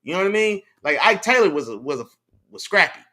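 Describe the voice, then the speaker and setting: A man hosting a casual sports talk show, animated and slangy, reacting to his live chat and breaking down plays. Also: high voice, fast talker. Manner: animated, slangy, repeats "you know what I'm saying". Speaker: podcast host.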